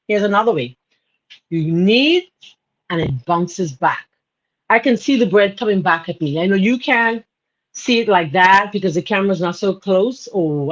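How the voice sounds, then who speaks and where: Bahamian woman, home cook host, casual and chatty, muffled livestream audio. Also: fairly low pitch. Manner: chatty, laughs often, greets viewers by name. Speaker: cooking show host. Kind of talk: casual live cooking demo.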